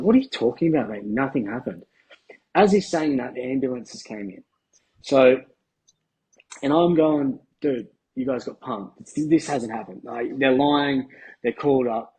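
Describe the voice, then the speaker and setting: An Australian man in his thirties, a guest telling his story bluntly in slangy, halting speech with plenty of ums. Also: medium pitch, darkish tone, husky, low-quality recording. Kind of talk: candid interview storytelling.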